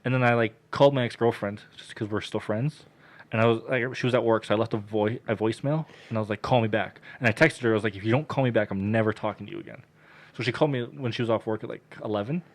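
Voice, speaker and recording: A young man co-hosting a podcast, telling a story in casual chat, swearing a lot and loudly acting out the people he quotes. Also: fairly low pitch, fast talker.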